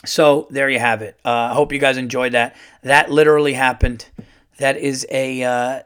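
A middle-aged man, a stand-up comedian hosting his own podcast, tells a loose, animated story full of fillers. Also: medium pitch, clean tone. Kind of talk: casual solo podcast storytelling.

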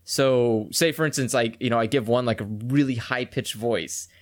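A man's voice: medium pitch, fairly even intonation, normal speed. A man who voices game characters, chatting casually and laughing often. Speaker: game voice performer. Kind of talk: casual podcast chat.

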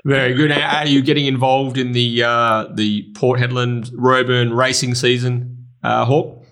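A man's voice: mid-range voice, flat delivery, a little slow, a bit bright. An Australian man hosting a racing podcast, chatting casually and introducing segments. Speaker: podcast host.

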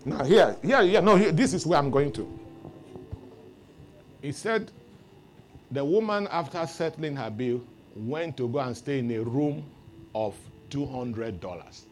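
A man preaching a sermon, telling a story with lively rises into loud exclamations. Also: medium pitch, measured pace, long pauses, a little hiss or hum. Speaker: pastor.

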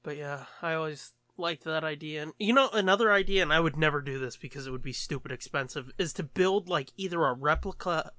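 Bright-voiced joking man on a podcast. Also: on the high side, a little fast, hardly any pauses, no echo. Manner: rambling, jokey, swears freely, laughs often. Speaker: podcast co-host. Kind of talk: casual chat.

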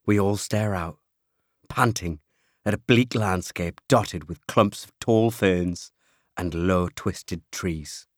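A man reading an audiobook aloud, telling the story in first person with lively timing. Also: sits low, slow, no room sound, studio quality. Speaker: audiobook narrator. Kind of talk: scripted audiobook narration.

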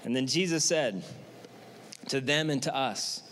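A man's voice: medium pitch, measured pace, pauses often, fairly bright tone, a little hiss or hum. A male pastor preaching a sermon in a conversational, emphatic way with frequent repetition.

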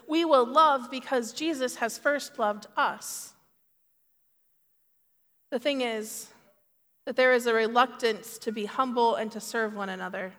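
A woman preaching a sermon in a measured, earnest way. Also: fairly high pitch, fairly bright tone, long reverb tail.

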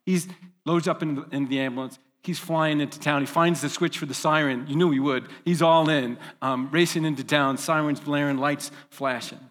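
A man's voice: on the high side, a bit bright, big-room sound. A man preaching as a pastor, vividly telling a long story with fillers and restarts. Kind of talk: storytelling sermon.

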